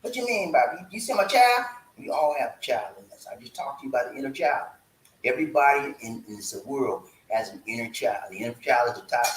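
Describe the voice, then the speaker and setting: A man with a high, lively voice gives motivational talk in a vlog, preachy and playful. He keeps firing questions at his listeners and cracking jokes. The room around him rings with echo. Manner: preachy and animated, asks the audience questions and jokes. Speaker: relationship vlogger.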